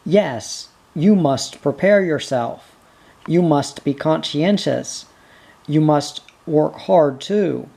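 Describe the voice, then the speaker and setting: A gentle, caring noblewoman who coaxes and pleads softly, as a reader puts her on. She speaks slowly, in a slightly gravelly voice close to the reader's own. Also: sits low, heavily acted. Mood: gentle coaxing. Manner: gentle, coaxing.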